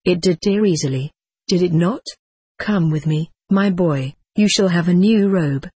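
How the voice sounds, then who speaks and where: A woman reading a pompous, blustering old monk overseer, low and husky. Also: a little slow, dark tone, dry recording. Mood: oily. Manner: scolding, blustering, then falsely sweet. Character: stern, pompous older male monk overseer.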